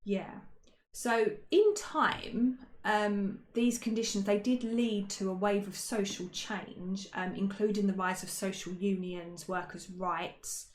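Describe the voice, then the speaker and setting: A woman's voice: medium pitch, steady tone, takes it slowly. A woman talks through history on a casual podcast, joking and filling gaps with ums. Her voice sits in a middle register. The room around her is roomy and echoes. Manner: chatty, jokey, many ums and self-corrections. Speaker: podcast co-host. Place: indoor room, shared with co-host. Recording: roomy echo.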